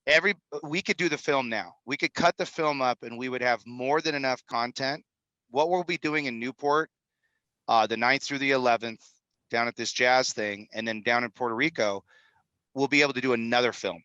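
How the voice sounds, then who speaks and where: A man in his fifties speaks as an interview guest with a bright, forceful tone. He talks energetically, rambling from point to point with a salesman's push. The recording is dry and close. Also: medium pitch, a little fast, no echo, highs cut off. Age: 50s. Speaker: guest, film executive producer. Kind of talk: animated podcast interview talk. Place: studio in Utah.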